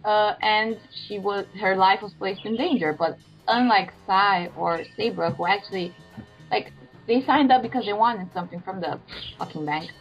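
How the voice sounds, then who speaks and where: A woman's voice: mid-range voice, normal speed. A sarcastic woman co-hosting a podcast, dropping swear words and laughing at her own jabs. Her audio sounds a bit dull and lo-fi, with faint music underneath. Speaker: podcast co-host. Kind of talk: casual chat.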